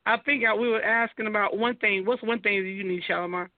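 A woman's voice: medium pitch, steady tone, quick pace, no room sound. A woman hosting a group call, teasing the others and laughing often as she talks. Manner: laughs a lot while teasing. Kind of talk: casual chat. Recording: phone-like line.

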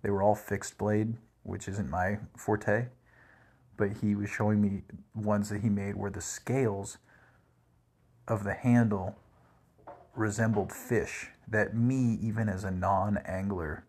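A man with a lowish, slow, breathy voice rambles through everyday stories in a casual, animated monologue, leaning heavily on "like" and "crazy".

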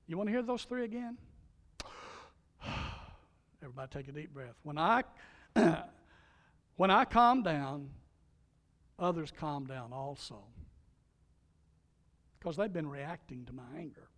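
Man, middle-aged, pastor, sermon, high-pitched, emphatic, calls out to congregation, long church-hall reverb. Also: expressive, a little slow, pauses often. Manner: emphatic preaching with call-and-response questions to the congregation; swings between loud exhortation and soft, hushed lines. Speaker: pastor and chaplain.

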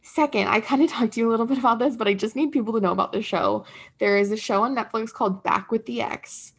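Her voice is slightly high with a breathy edge, and she talks at a quick pace. She's a young woman co-hosting a podcast, chatting casually and gushing about pop culture amid frequent laughs.

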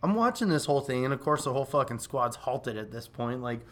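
Profane animated man telling a war story. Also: mid-range voice, quick pace. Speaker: veteran storyteller. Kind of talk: casual podcast storytelling.

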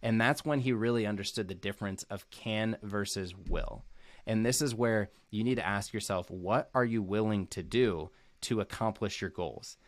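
A man's voice: on the low side, moderate pace, dry recording. A young man giving an earnest, casual recap to camera as a motivational coach, often using "like" as a filler and repeating key phrases.

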